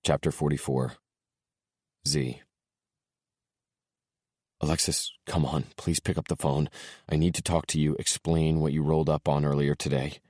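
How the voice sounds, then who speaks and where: A man narrating an audiobook in a soft, subdued way, dropping his voice low for tender moments. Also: flat delivery, normal speed, long pauses, no room sound, studio quality.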